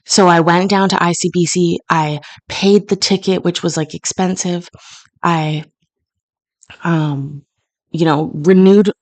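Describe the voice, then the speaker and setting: A woman's voice: fairly low pitch, steady tone, slow pace. A Canadian woman in her thirties telling a rambling personal story in casual chat, with lots of fillers and restarts, at home in her kitchen. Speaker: host.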